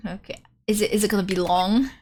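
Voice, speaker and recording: A woman's voice: mid-range voice, steady tone, fast, darkish tone. A woman game streamer chatting casually during a live playthrough, giggly and full of fillers. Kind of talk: casual live-stream chat over gameplay.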